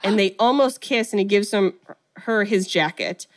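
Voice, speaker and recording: Speaking at a normal speed in a medium-pitched voice, a female podcast co-host casually goes over a film's plot. She tells it with animation, leaning on "like" and performing the quotes.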